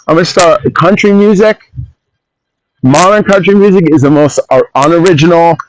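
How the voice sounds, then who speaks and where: A man rambling through a solo podcast, recorded on his phone. His voice sits a little high, and he drifts between topics with opinionated rants. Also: moderate pace, slight background noise, poor audio. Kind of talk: casual rambling monologue.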